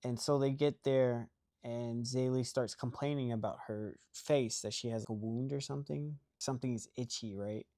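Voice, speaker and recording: A young man talks through a movie plot in an easy, unscripted way. He rambles, restarts his sentences and keeps checking in with "right?". His voice sits at an ordinary middle pitch. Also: steady tone, moderate pace, dark tone. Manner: rambling, heavy use of "like" and "right?". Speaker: movie recap host. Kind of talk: casual movie plot recap.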